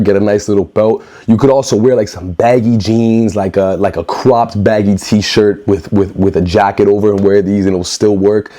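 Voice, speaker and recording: Brief: man, sneaker vlogger, low mellow voice, upbeat and chatty, repeats himself, calls viewers "guys". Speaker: sneaker reviewer. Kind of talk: casual unboxing review. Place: indoor room with newly painted walls.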